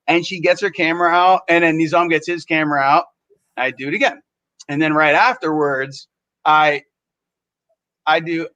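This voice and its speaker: Animated man telling a story. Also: a little high, normal speed, dry recording. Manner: animated, acts out other people's lines in shifting voices. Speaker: podcast co-host. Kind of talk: casual storytelling chat. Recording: dull lo-fi sound.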